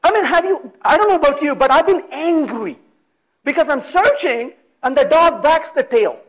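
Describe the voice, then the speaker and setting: A man giving a technical talk at a conference, talking in a lively way, firing off rhetorical questions and acting out exasperated asides. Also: very high voice, normal speed. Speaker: conference speaker. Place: conference hall.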